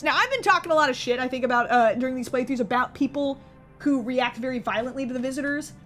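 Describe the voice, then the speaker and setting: With soft music behind her, a young woman streams a game in a fast, high voice with a fairly bright tone. She chats casually through the let's-play, joking and correcting herself as she goes.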